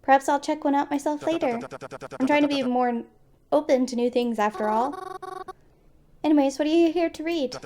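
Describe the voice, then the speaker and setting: A woman's voice: high-pitched, background noise, natural voice. A woman doing a reserved, formal young man. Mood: calm polite. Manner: measured, formal.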